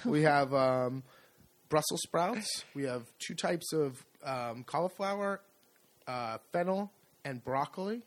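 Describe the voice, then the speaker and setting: Chatty man with a slightly high voice. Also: expressive, slow pace. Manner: rambling, many fillers and restarts. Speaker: podcast co-host. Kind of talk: casual chat.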